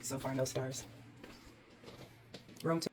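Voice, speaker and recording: A woman's voice: a bass voice, fairly even intonation, slow pace, background noise. A woman hosting a walkthrough vlog, exasperated and ranting as she films indoors in a condo on a handheld phone. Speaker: host.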